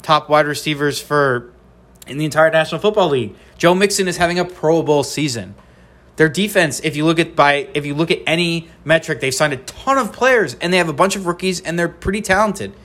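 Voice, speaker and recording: A man's voice: mid-range voice, a bit bright. A young man with a nasal voice, hosting a sports rant podcast, talking in a blunt, profane, exasperated way. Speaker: podcast host.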